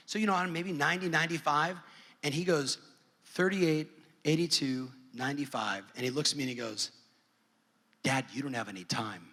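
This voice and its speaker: A middle-aged man telling a story from a conference stage, playing out both sides of the conversation. His voice sits a little high and sounds bright and forceful. The big hall gives it a long, ringing echo. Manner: animated storyteller acting out family dialogue. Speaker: conference speaker. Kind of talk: storytelling keynote.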